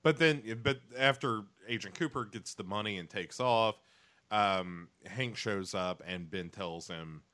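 A man co-hosting a podcast in casual chat, recapping events in a lively way. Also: fairly low pitch, a little slow. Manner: lively, recounting with acted quotes. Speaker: podcast co-host.

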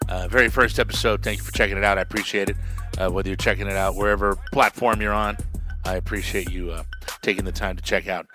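A man from New Mexico who works as a radio DJ and comic, hosting his own podcast in a loud, profane, beer-drinking monologue. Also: low-pitched, steady tone, fast, soft background music. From Albuquerque, New Mexico. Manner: loud, swearing, drinking beer while talking.

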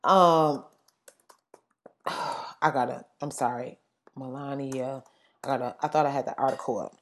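A woman's voice: low voice, animated, normal speed. Blunt, cussing woman ranting. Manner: blunt, sassy and cussing, with sudden loud outbursts. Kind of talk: casual profane rant.

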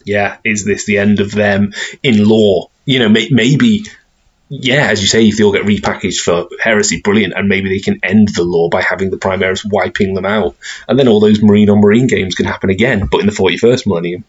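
A man with a low, husky voice co-hosting a casual podcast. He talks in a relaxed, hesitant way, full of ums. The recording sounds slightly dull and lo-fi. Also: a little fast. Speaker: podcast co-host. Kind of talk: casual chat.

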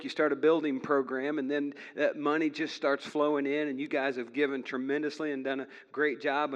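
A man's voice: mid-range voice, a bit bright, highs cut off. A man preaching as a pastor in a church, earnest and chatty, laughing now and then between points. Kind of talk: sermon. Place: church sanctuary. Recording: long reverb of a large hall.

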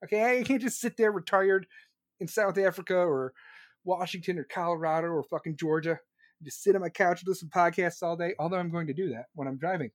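With a high voice and a slightly fast delivery, this American podcast host, an adult still working, banters about the live chat. His riffs are profane, jokey, and rambling, and the recording is dry and clean.

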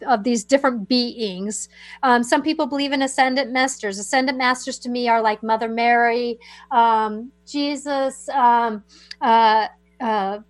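A woman on a call-in radio show, gently counselling a caller in a soothing, meandering way with many fillers and restarts. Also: fairly high pitch, dry recording. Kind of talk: gentle spiritual advice to a caller.

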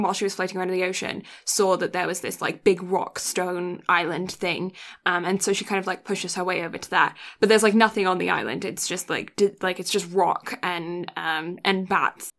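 A woman's voice: mid-range voice, fairly bright tone. Rambling woman chatting casually. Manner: rambling, many fillers and laughs. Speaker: podcast co-host. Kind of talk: casual chat recapping an anime.

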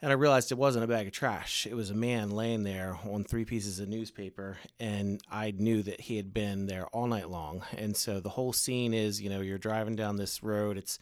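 A man with a fairly low voice tells a personal story as a podcast guest. He is earnest and halting, restarting his sentences and letting his line endings fade. The sound is close and dry. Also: fairly even intonation, no echo. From Baltimore area. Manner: earnest, many restarts and fillers, drops to soft trailing ends. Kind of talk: casual storytelling in a podcast interview.

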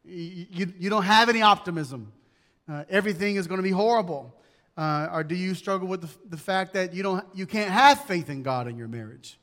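A man's voice: high voice, animated, brisk, a bit bright, big-room sound. A man pastor preaching a sermon in a church sanctuary, talking conversationally and repeating key phrases.

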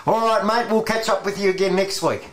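A man's voice: sits high, fairly quick, a crowd in the background. A man with an Australian accent hosting a community radio show, in laid-back, blokey chat. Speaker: radio host. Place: radio studio.

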